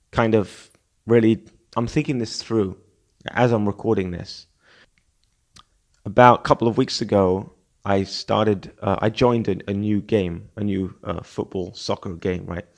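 A man hosting a solo podcast, talking in a casual, animated, rambling way with many fillers and restarts. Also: lowish voice. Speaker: podcast host.

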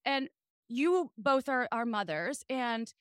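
A woman guest on a podcast, telling candid stories in a raspy voice, open and animated in a casual chat. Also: on the high side, takes it slowly, no echo, studio quality.

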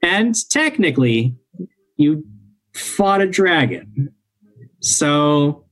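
A man's voice: a little high, a little slow, low-quality recording. A man narrating as game master of a tabletop role-playing game, easygoing, with fillers and laughs. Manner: relaxed storytelling with fillers and laughs.

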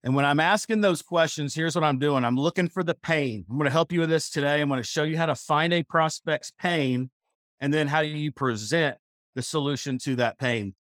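Brief: male sales trainer from Missouri, slightly high voice, punchy, repeats himself, dry close sound. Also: a little fast, fairly bright tone, no echo. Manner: emphatic, repetitive, self-correcting. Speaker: real estate sales coach. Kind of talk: seminar teaching. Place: seminar room.

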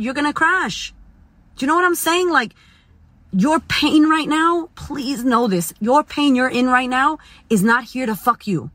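A woman talks straight into the mic from her car, cursing freely as she gives a motivational monologue. Her voice sits a little high and rings bright and forceful, with a close, dry sound and almost no room around it. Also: no echo. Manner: blunt, profane, emphatic. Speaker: motivational speaker.

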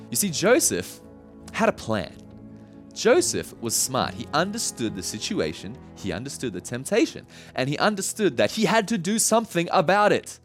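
Animated male preacher. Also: medium pitch. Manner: animated storytelling with jokes and laughs. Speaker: pastor. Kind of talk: sermon.

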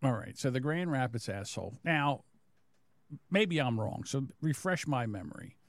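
A man's voice: mid-range voice, animated, moderate pace, dry recording. A man co-hosting a podcast, telling a profane, rambling story in casual chat. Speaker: podcast co-host.

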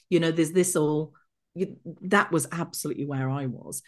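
A middle-aged woman, an executive coach telling stories from her career as a podcast guest, animated and quick to act out remembered conversations. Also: low voice. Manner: lively, acts out remembered dialogue. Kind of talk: podcast interview storytelling.

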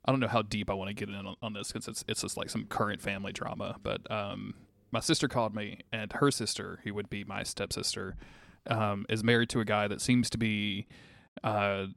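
A man's voice: fairly low pitch, little pitch movement, brisk, vocal fry, a bit bright. A man co-hosting a podcast, talking in a rambling, hesitant way full of fillers. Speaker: podcast co-host. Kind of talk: casual chat.

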